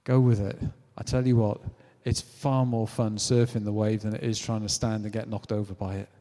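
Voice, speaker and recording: British preacher in a reverberant hall. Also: male voice, on the low side, normal speed. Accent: British English. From Britain. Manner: conversational, animated storytelling with acted-out quotes. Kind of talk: sermon.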